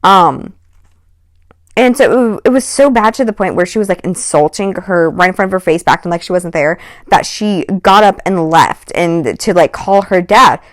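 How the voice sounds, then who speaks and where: A woman's voice: lowish voice, normal speed, no echo, studio quality. A woman vlogging a casual storytime, rambling with lots of "like" and "um" and exasperated asides. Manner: rambling, heavy on "like" and "um".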